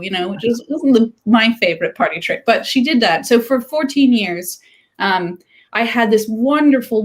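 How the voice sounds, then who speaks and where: Chatty woman author on a video call. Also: on the high side. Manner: chatty, laughs often, many fillers and restarts. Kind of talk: casual conversation on a livestream.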